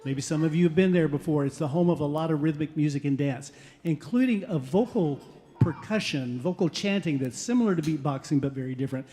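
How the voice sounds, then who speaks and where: Energetic man teaching a chant live. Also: on the high side, brisk, in a large hall. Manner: energetic, coaxes the crowd to join in. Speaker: guest music teacher at a kids' concert. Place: café concert stage, live.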